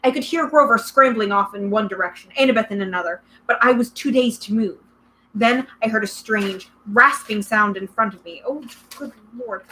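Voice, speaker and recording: A woman reading a novel aloud with expressive, dramatic first-person narration. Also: a little high, moderate pace, slight background noise, low-quality recording. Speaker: reader.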